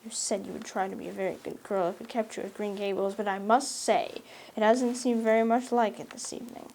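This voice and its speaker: A woman's voice: medium pitch, steady tone, a little fast, gravelly, a little mellow, a little hiss or hum, natural voice, poor audio. A woman doing a dry, stern older guardian. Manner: dry, reproving. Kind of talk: audiobook reading.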